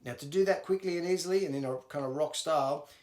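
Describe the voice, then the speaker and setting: A man's voice: on the high side, quick pace. A man teaching a guitar song step by step, counting and singing the strum rhythms aloud as he plays. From Australia. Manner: counts and sings rhythms aloud while playing. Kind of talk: instructional walkthrough. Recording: roomy sound with loud guitar playing.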